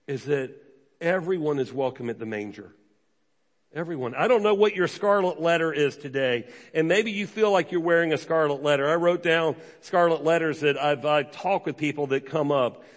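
A pastor giving a sermon, emphatic and conversational, asking the congregation rhetorical questions. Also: male voice, fairly high pitch, moderate pace, in a large hall.

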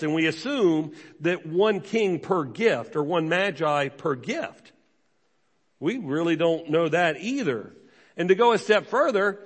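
A pastor giving a sermon, emphatic and conversational, asking the congregation rhetorical questions. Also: male voice, high-pitched, husky, in a large hall.

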